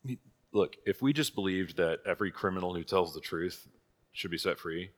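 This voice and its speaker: Casual, low-voiced man teaching catechism. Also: brisk. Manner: casual, rhetorical questions, frequent "right?" and "like"; laughs at his own asides. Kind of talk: conversational church teaching.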